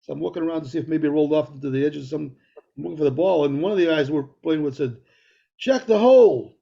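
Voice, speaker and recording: A man's voice: a little high, fairly even intonation, very fast, gravelly, mellow, highs cut off. A middle-aged man co-hosting a podcast, telling a rambling story in casual chat. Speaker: podcast co-host.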